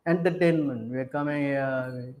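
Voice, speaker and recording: A man's voice: mid-range voice, normal speed, darkish tone, roomy sound, a little hiss or hum, poor audio. A man preaching a sermon, emphatic, keeps asking his listeners questions. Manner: questions the audience again and again.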